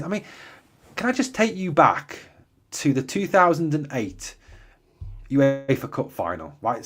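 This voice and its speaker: A man's voice: mid-range voice, breathy edge. Man, podcast host, emphatic, repetitive, rhetorical questions, casual chat. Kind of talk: live fan podcast chat, reading comments.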